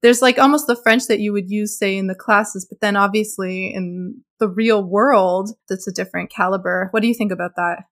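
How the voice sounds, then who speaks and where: A woman's voice: mid-range voice, steady tone, moderate pace, few pauses, a bit bright. A woman interviewing a guest, asking questions in a thoughtful, conversational way. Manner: thoughtful, asks questions with "I mean" and "like".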